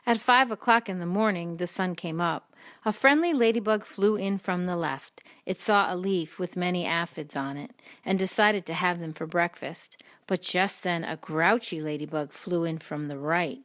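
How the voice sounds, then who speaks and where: A woman reads a children's picture book aloud at an unhurried, expressive pace. Her voice sits slightly low for a woman. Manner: slow, expressive storytelling. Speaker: reader.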